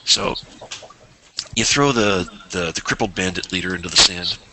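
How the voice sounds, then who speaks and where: A man's voice: sits low, moderate pace, background noise. A man narrating a tabletop game as game master, telling the story with lots of restarts and asides. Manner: rambling, animated storyteller with frequent restarts.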